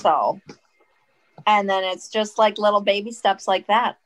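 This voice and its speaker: A woman co-hosting a podcast who chats casually and candidly about recovery, with an expressive delivery and some swearing. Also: mid-range voice, measured pace. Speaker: podcast co-host. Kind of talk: casual chat.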